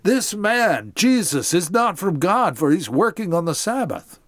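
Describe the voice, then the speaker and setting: A man voicing indignant male religious leaders who fire sharp, incredulous questions in a dry-sounding recording. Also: high voice, very animated, a little slow, dry recording, pitched above the performer's own voice, full character voice. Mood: questioning.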